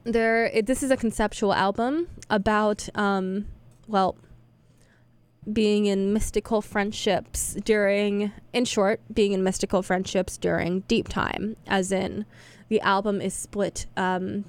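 A woman's voice: medium pitch, fairly even intonation, takes it slowly, smooth, dry recording. A young woman hosting a radio show, chatting casually between songs in a rambling, self-deprecating way, full of fillers and restarts. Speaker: radio host.

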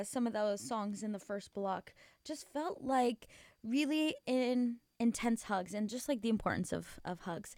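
Young woman host gabbing away, kinda high voice, giggly and dramatic, dead dry mic. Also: fairly bright tone, no room sound. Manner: chatty, dramatic, giggly, slangy. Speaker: radio host. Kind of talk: casual chat.

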